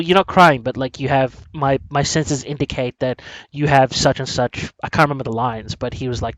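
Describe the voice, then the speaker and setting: A man co-hosting a casual chat, rambling and animated, with many restarts and some swearing. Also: mid-range voice, dry recording, poor audio. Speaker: podcast co-host.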